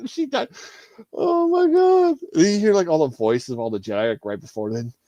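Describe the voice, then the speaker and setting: A man chatting casually on a livestream, animated and swearing, acting out film scenes with laughter. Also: high voice, unhurried, no room sound, highs cut off. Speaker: streamer.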